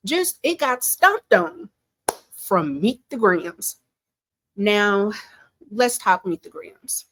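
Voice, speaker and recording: A woman giving casual commentary from home, chatty, animated and opinionated. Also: medium pitch, dry recording. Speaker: pop-culture commentator.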